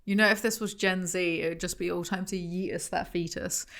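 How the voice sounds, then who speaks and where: A woman's voice: lowish voice, steady tone, brisk, fairly bright tone. Sarcastic woman mocking a bad novel. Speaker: book reviewer. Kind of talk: comedic book review with read-aloud excerpts.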